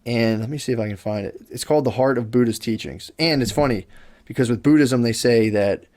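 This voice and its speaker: A young man chatting on a podcast, rambling through long loose explanations. He restarts his sentences often, swears casually and keeps his pitch at an ordinary middle level. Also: a little fast, darkish tone. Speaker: podcast co-host. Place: podcast studio.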